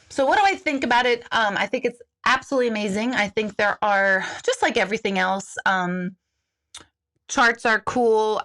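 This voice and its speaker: Blunt, chatty middle-aged woman. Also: a bit bright. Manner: chatty and blunt, jumps into high panicky voices for quoted thoughts. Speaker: intuitive coach answering viewer questions. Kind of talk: casual live talk.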